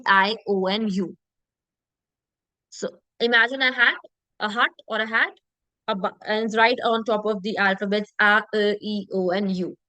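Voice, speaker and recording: A woman's voice: mid-range voice, a bit bright, no echo, low-quality recording. A woman teaching French pronunciation in an online lesson. She repeats terms patiently and often checks in with her students by asking "okay?".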